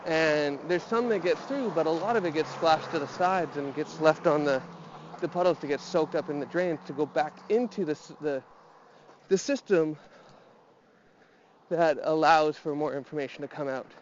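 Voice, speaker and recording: Man, slightly high voice, a bit out of breath, somewhat nasal, rambling casual talk, walking outdoors, muffled lo-fi sound. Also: normal speed, slight background noise. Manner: rambling, many restarts and fillers. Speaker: podcast host. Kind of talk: casual monologue while walking. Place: outdoors, hilly area, walking a dog.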